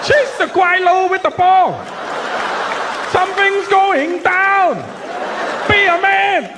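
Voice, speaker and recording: A man voicing a bossy male team coach who barks slow, drawn-out orders. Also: extremely high pitch, steady tone, a crowd in the background, background noise, pitched above the performer's own voice.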